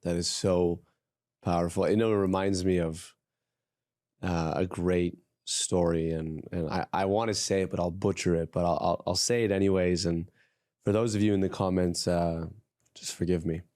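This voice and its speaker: A man hosting a podcast, telling a story in a relaxed, hesitant way in casual interview chat. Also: low voice, moderate pace, dry recording, studio quality. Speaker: podcast host.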